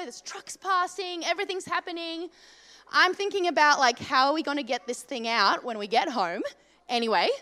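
Woman, high voice, bright tone, casual animated anecdote, comic asides. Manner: animated, comic, lots of fillers like "like". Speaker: storyteller.

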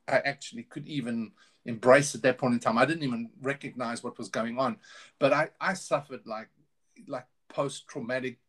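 A man's voice: mid-range voice, steady tone, normal speed, fairly bright tone, slightly rough. A middle-aged man telling his story candidly in a casual interview, often restarting his sentences. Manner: earnest, candid, with many restarts. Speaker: guest.

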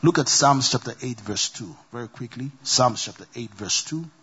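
Husky man preaching a sermon. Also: mid-range voice, expressive, normal speed, a bit bright, dull audio. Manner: call-and-response preaching, repeats scripture references. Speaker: pastor.

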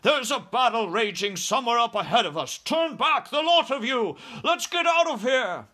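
Panicky high-voiced army general, loud and bossy, man doing the voice. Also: very animated, measured pace, full character voice. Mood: alarmed shouting. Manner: shouting, pompous, nervous. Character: blustering frightened male army general.

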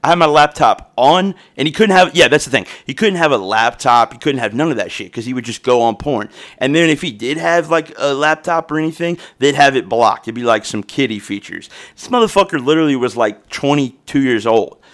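A man's voice: mid-range voice, animated, a little fast, few pauses, fairly bright tone. A young man hosts his podcast in a loose, rambling rant. He swears constantly and talks in heavy slang. He records it on a phone. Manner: profane, rambling, streetwise slang. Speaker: podcast host. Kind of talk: casual comedic podcast rant.

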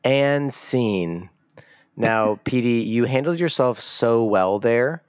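A man's voice: medium pitch, expressive, slow pace, clear, resonant tone, dry recording. A man co-hosting a podcast with dry, teasing asides in casual comedy chat. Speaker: podcast co-host.

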